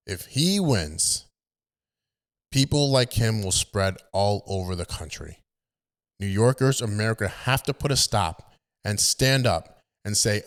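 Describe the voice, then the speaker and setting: A man ranting as a political commentator, emphatic and indignant, stumbling into restarts. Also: fairly low pitch.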